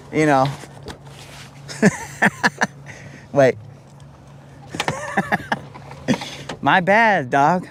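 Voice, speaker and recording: A man streaming live from a fishing boat on a lake, joking with his chat in a slangy way, his voice a bit raspy from talking. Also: high-pitched, fairly bright tone, slight background noise. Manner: slangy, joking, talks to chat as bro and dog.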